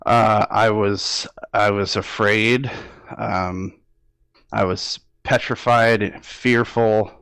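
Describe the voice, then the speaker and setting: A man recounting a dream in an interview, halting and hesitant with many restarts, close to tears at times. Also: lowish voice, steady tone, gravelly, a bit bright, smooth, no room sound. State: near tears, emotional. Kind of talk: emotional interview recollection.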